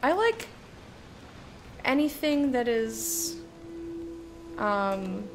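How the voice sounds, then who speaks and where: A woman streaming a video game and chatting casually with her viewers, talking in a drawn-out way that lingers on words. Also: on the high side, big pitch swings, music in the background.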